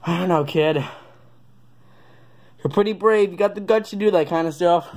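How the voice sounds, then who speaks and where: A performer doing a laid-back, low-voiced creature pal. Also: normal speed, darkish tone, close to an everyday voice. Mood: easygoing. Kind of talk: comedic puppet-skit voice acting.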